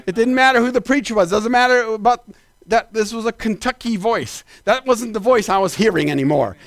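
A man preaching a sermon as pastor, climbing into shouted peaks and then dropping into quick asides. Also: sits high, no room sound, studio quality.

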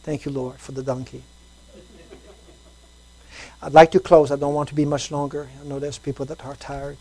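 Woman preaching with lively swings. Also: deep voice, moderate pace, poor audio. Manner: lively, repeats phrases, storytelling, swings between loud and soft. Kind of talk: sermon.

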